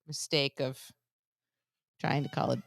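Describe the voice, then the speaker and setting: A woman's voice: rumbling low, flat delivery, brisk, no echo. A woman co-hosting a casual chat, playful and teasing, laughing often. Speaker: co-host.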